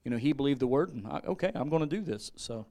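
A man speaking at a church gathering, retelling a faith story haltingly with many fillers and restarts. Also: medium pitch, animated, warm tone. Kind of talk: informal teaching on scripture.

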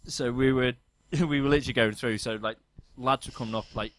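A man, co-hosting a podcast and telling stories in a lively, laughing way. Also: mid-range voice, brisk. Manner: animated storyteller, laughs often. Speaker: podcast co-host. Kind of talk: casual chat.

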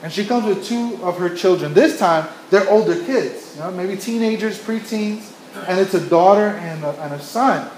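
Preaching in an echoey church at normal speed, this man has a strikingly high voice with a darkish tone. His sermon is earnest storytelling full of restarts and repetitions as he builds toward his point, with faint ambience and slight background noise.

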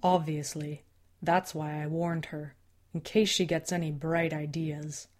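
A woman voicing a gruff, grumpy female wolf shapeshifter in an audiobook, blunt and threatening. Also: deep voice, level tone, measured pace, darkish tone.

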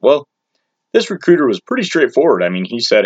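A man's voice: on the low side, very animated, normal speed, husky, dry recording. A man casually telling a story about himself, blunt and crude, full of restarts and filler words. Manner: rambling and blunt, with crude slang and many restarts. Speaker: storyteller recounting his own experience. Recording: dull lo-fi, dry sound.

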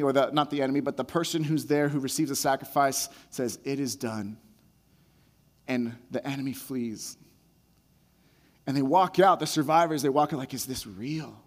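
A man preaching a sermon as a pastor, talking in a conversational way that repeats words and builds excitement as he retells a scene. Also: a little high, big-room sound.

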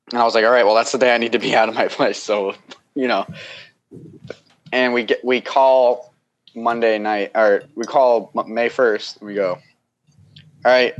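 A young man in casual chat, telling a long story in a rambling way, acting out the people he quotes and laughing often. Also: medium pitch.

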